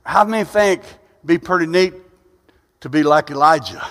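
A man preaching a sermon. He moves between quiet, conversational asides and loud, rising, drawn-out preaching. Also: a little high. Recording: long hall reverb.

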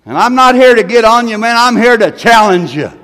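Fervent preacher man, high-pitched. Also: expressive, brisk. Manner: fervent, rising to shouted peaks, folksy repeats of "man". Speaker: pastor. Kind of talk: sermon. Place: large church hall. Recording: long hall reverb.

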